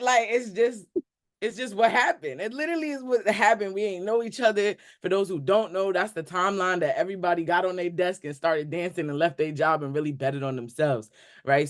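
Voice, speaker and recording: A man speaking on a group coaching call, giving an emphatic, repetitive motivational talk in casual slangy speech. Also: a little high. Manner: emphatic, repetitive, preacher-like build-ups. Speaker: community member on a coaching call.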